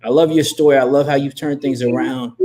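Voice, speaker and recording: A man hosting a live interview as a coach, talking emphatically and repeating himself as he gives shout-outs and pep talk. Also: mid-range voice, steady tone, a little fast. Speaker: host and coach. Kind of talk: motivational livestream talk.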